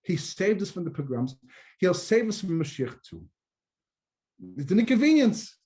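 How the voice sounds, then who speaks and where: A man voicing a calm, dry-witted wife in a told joke, soothing her husband with wry reassurance. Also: high voice, moderate pace, voice pushed up.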